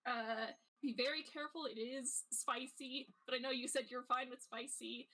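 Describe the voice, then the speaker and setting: A woman's voice: high-pitched, steady tone, moderate pace, pushed and bright, full character voice, poor audio. A woman voicing a sheepish, friendly young male cook in a tabletop role-play, with a bashful, laughing delivery.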